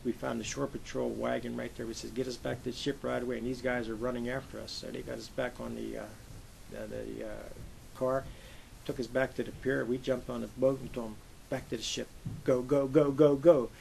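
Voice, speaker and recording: An older man from Pennsylvania, a Navy veteran, telling lively anecdotes in an oral history interview and acting out the voices he quotes. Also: mid-range voice, a little fast, vocal fry, slight background noise, rough recording. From Pennsylvania, USA.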